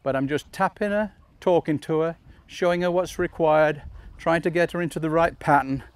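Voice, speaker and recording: A man training a dog outdoors, explaining each step and calling the dog with calm, coaxing commands. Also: fairly high pitch, normal speed, smooth, dry recording. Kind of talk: instructional demonstration. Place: outdoors in a field.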